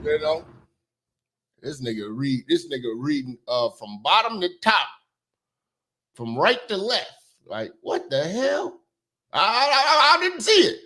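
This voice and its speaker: Lively, bright-voiced man joking on a livestream. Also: a little high, unhurried, pauses often. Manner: loud, joking, profane, laughs often. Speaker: livestream host. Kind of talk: casual livestream commentary.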